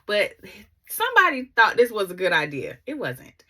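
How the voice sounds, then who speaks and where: A woman doing gossip commentary to her viewers. She is sassy and animated, and keeps stopping to talk back to the texts she reads. Her voice is bright and forceful and swings widely in pitch. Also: normal speed. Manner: sassy, animated, laughs and comments between readings. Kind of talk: casual commentary, reading texts aloud.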